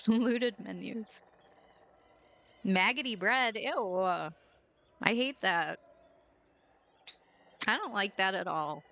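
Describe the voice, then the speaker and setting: A young woman chats through a game stream in a loose, playful way, riffing on silly ideas and giggling. Her voice is bright and forward, at a middle pitch for a woman. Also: lively intonation, takes it slowly, pauses often, rough recording. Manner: chatty and playful, giggling at her own jokes. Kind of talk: casual chat while gaming.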